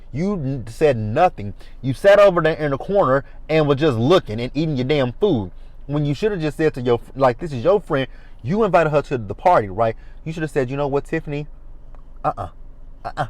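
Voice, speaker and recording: A man giving a sassy, animated, swearing commentary on a reality TV episode. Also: a little high, moderate pace, dry recording. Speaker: reality TV reviewer. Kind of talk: casual commentary.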